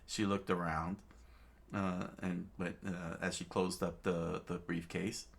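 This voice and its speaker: A man narrating a manga aloud, halting and restarting often. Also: low-pitched, little pitch movement, vocal fry. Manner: halting, many fillers and restarts. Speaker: reader, narrator. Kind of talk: unscripted manga read-aloud.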